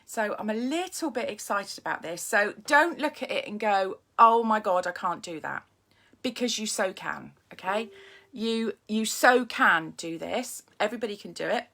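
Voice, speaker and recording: A woman's voice: medium pitch, animated, normal speed, vocal fry, pushed and bright. Bubbly woman demonstrating papercraft live. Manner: bubbly and eager, with frequent ums and restarts; greets viewers by name as they join. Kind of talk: chatty live craft demonstration. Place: home craft desk. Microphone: phone or camera streaming live.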